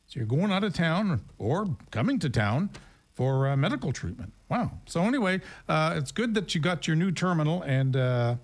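Chatty radio DJ man with lively pitch. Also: moderate pace. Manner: chatty, rambling, with fillers and asides. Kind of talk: casual radio chat.

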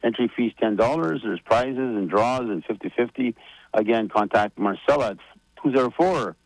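A man rambles through community news on the radio, stopping and restarting often. His voice is gravelly and sits at an ordinary pitch. The sound is dry and close. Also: no echo, poor audio. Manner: rambling, halting with many fillers and restarts. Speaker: federation leader giving updates on radio. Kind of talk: casual radio chat.

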